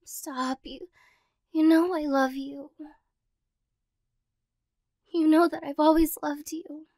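Very high-voiced woman in whispered role-play. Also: fairly even intonation, takes it slowly, no echo, clean studio sound. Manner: soft, rambling, self-conscious and emotional. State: teary after crying. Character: tearful ex-girlfriend woman, lovesick and flustered. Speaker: ASMR role-play performer.

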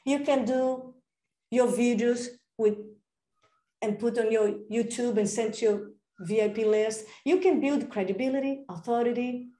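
An energetic, enthusiastic woman speaking as a real estate coach on a podcast, acting out little dialogues as she talks. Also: a little high, measured pace, reverberant. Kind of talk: casual interview talk.

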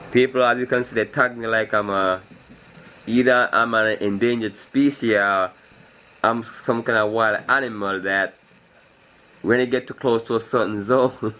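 A man's voice: fairly low pitch, fairly bright tone, low-quality recording. A man recording a casual video diary, stressed and repeating himself, with nervous laughs between his words. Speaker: vlogger.

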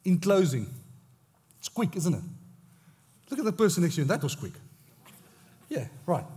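A male pastor with an Australian accent preaching a sermon, swinging between loud exclamations and hushed, intense moments. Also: on the high side, very animated, normal speed.

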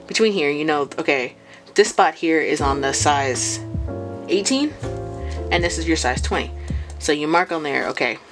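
A woman casually explaining a sewing technique, chatty and thinking aloud as she goes, often restarting her phrases. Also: deep voice. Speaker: sewing vlogger. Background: chill background music.

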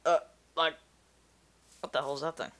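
A man's voice: a little high, fairly even intonation, moderate pace, a bit bright. A man giving casual gameplay commentary, rambling and easily distracted, talking to himself as he plays. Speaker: gamer.

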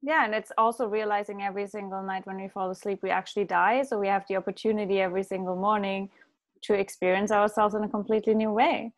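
A woman hosts a reflective conversation at a mid pitch. She thinks aloud and often checks in with "right?" as she speaks. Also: steady tone, fast talker. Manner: thoughtful, many "like" and "right?" fillers. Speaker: host.

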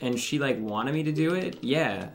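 A man's voice: medium pitch, creaky. A young man streaming a game, rambling and swearing as he chats, laughing often. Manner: profane, rambling, quick to laugh. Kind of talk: casual livestream commentary. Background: game music.

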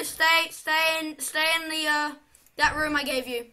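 A woman's voice: high voice, little pitch movement, moderate pace, sharp tone. A young woman giving casual, panicky commentary while playing a horror game, frantically repeating herself. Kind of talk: casual let's-play commentary.

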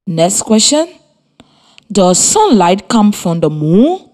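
A woman with a Liberian English accent, teaching a scripted radio lesson for children and spelling words out slowly letter by letter. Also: medium pitch, sing-song, darkish tone.

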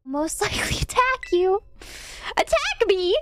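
Giggly high-voiced woman gamer. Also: big pitch swings, a little slow, a bit bright, no echo. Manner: giggly, reads game text aloud. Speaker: gaming YouTuber. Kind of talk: casual let's-play commentary.

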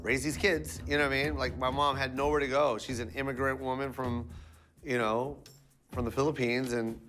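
A man doing stand-up with energetic, loud punchlines and crowd work, then talking about his mother. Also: mid-range voice, brisk, faint music behind. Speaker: stand-up comedian. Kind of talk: stand-up set and interview.

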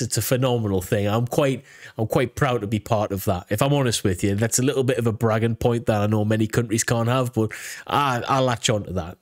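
A man's voice: fairly low pitch, no echo, clean studio sound. A British man casually reacting to a video, talking in a rambling way with lots of restarts and fillers. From United Kingdom.

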